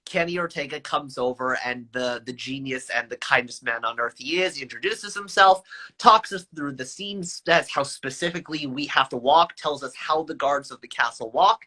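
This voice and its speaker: A young man with a bright, forward voice tells a story as a guest in an interview. He talks with plenty of energy and bounces into higher voices to act out what people said. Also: moderate pace, poor audio. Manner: energetic, acts out quoted lines in higher voices. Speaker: actor guest.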